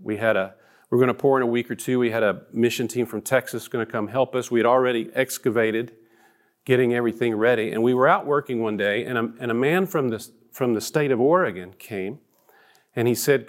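A man's voice: mid-range voice, a little fast. A middle-aged man preaching a sermon as a pastor, earnest and storytelling, often restarting his sentences.

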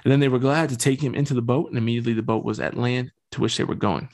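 A man's voice: medium pitch, racing, gravelly, darkish tone. A young man hosting a podcast who talks through a Bible passage in a casual, joking way, heavy on slang and fillers. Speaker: podcast host. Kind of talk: casual scripture talk.

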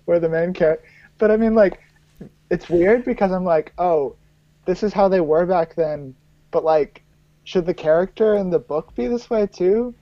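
A man from the United States co-hosting a podcast, teasing his partner and quick to laugh in casual chat. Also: sits high, dry recording, highs cut off. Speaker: podcast co-host.

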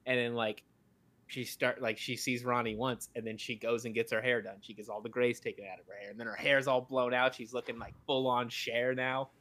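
A man in mid-range pitch talking casually on a podcast. He rambles, restarting sentences and stacking fillers as he works out his thoughts. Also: flat delivery, fairly quick, bright, forceful tone. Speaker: podcast co-host. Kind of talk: casual chat.

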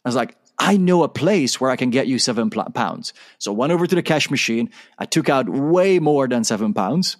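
A man's voice: medium pitch, brisk, few pauses. A man telling a personal story as a guest on an interview show, talking with energy and acting out the dialogue. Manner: animated, acts out dialogue in his story. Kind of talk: conversational storytelling.

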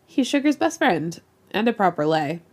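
A woman's voice: medium pitch, very animated, moderate pace. Snake, a woman putting on a blustering male pirate captain. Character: swaggering male vampire pirate captain, bossy and whiny.

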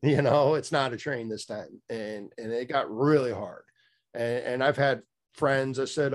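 A man's voice: mid-range voice, moderate pace. A middle-aged man telling a candid personal story as a guest, rambling with many fillers and restarts, blunt and a little profane.

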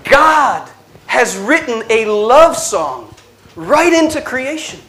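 A man giving an inspirational religious talk, telling stories slowly with dramatic pauses and a playful, animated delivery. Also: very high voice. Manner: slow dramatic storytelling with pauses. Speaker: Catholic speaker.

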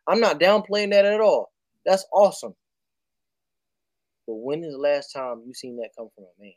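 A man chatting as a guest on a video-call livestream, talking with many fillers and getting animated in quick bursts. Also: fairly high pitch, no room sound. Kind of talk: casual chat.

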